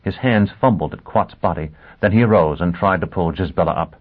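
A man reading a story aloud as narrator in a measured, dramatic way. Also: low voice, slightly rough. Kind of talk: audiobook narration. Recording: tinny phone-like sound.

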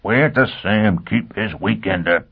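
A man doing a croaking, desperate hunted man. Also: lowish voice, unhurried, full character voice. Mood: urgent. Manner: croaking and muttering. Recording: tinny phone-like sound.

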